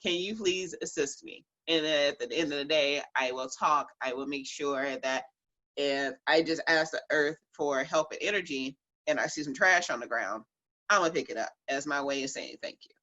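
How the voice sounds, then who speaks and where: A woman's voice: sits low, normal speed, pushed and bright, muffled recording. A woman who runs a Reiki and herbal business, answering interview questions in a blunt, chatty way and laughing often.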